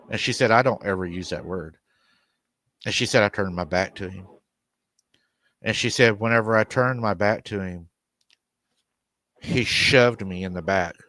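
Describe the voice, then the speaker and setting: In a dry recording, a man with a lowish, fairly bright voice tells a long story of a family's haunting on his paranormal show. He's recounting an interview, leaning on "she said" over and over.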